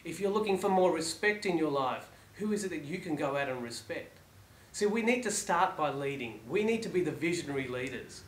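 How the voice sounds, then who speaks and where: A man giving a motivational talk to listeners, asking rhetorical questions and letting his phrases fall soft at the ends. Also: fairly high pitch, animated, a little fast. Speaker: motivational speaker. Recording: echoey room, faint background ambience.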